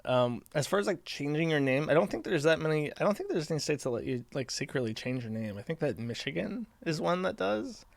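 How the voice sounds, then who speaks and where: A man rambles through casual commentary, hedging often and filling pauses as he thinks aloud, with the odd curse. The recording is dry and close. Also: a little high, animated, gravelly, no echo. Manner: rambling, hedging, fillers, occasional swearing. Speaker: commentary host.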